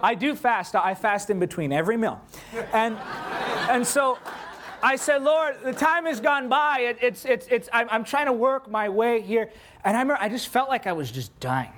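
A man preaching a sermon, telling a story in an animated way and acting out his own prayers. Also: high-pitched.

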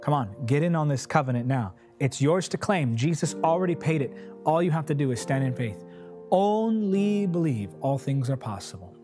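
A man's voice: a little high, animated, normal speed, over music. A man preaching a sermon in a repetitive, declarative cadence, then praying fervently for listeners. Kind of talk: sermon with closing prayer.

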